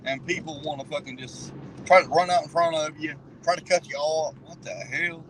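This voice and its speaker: A man's voice: on the high side, steady tone, normal speed, fairly bright tone, slight background noise, low-quality recording. A man with a Southern US accent, a truck driver chatting casually, emphatic and profane. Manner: profane, emphatic, laughing easily. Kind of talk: casual chat.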